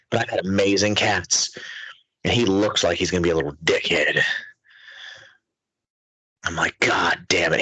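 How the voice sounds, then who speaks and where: A man in his thirties co-hosting a podcast, swearing freely and telling stories in a casual, animated way. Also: low voice, normal speed, pauses often, slightly rough, poor audio. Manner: profane, animated storytelling. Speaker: podcast co-host. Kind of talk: casual chat.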